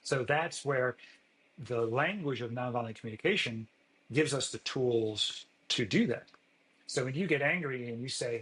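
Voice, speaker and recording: A man's voice: mid-range voice, moderate pace, a bit bright, poor audio. A man, a physician guest on a podcast, explaining earnestly and acting out sample dialogues in a lifted voice.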